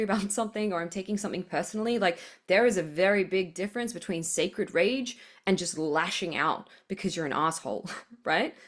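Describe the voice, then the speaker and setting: A woman hosting a spiritual podcast, talking passionately in a monologue, swearing freely and laughing often. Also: medium pitch. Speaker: podcast host.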